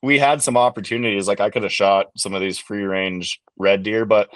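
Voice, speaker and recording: A man on a podcast, a bowhunting guest telling a hunting story in a relaxed, rambling way with lots of fillers. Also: lowish voice, brisk, a little hiss or hum. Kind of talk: casual storytelling in an interview.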